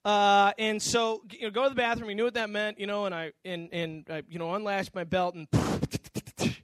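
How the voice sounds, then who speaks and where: High-voiced man telling a sermon story. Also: moderate pace, no echo. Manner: animated storytelling, acting out voices. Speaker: pastor.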